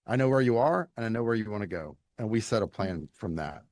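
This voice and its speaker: A middle-aged man from Louisiana, a leadership coach talking as a podcast guest in an animated, emphatic, folksy storytelling way. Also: lowish voice, fast talker. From Louisiana, United States. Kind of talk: conversational interview.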